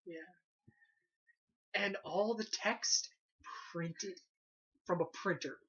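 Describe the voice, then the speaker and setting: A young man hosting a casual movie review chat, animated and sarcastic, swearing casually as he picks a film apart. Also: sits high, extremely slow, slightly rough. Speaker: movie reviewer, site host. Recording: dull lo-fi sound.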